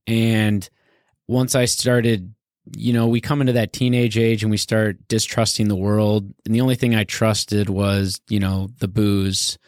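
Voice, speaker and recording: Frank, low-voiced podcast host. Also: male voice, level tone, unhurried, a little mellow, no echo, clean studio sound. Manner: frank, conversational, mild swearing. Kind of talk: casual interview chat.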